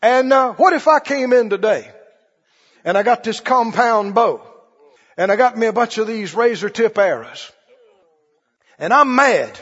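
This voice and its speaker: High-voiced preacher, husky, in a reverberant hall. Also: male voice, lively intonation, a little slow, pauses often, fairly bright tone. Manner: conversational preaching, asks the congregation questions, acts out scenes. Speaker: pastor. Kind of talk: sermon. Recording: dull lo-fi audio with long hall reverb.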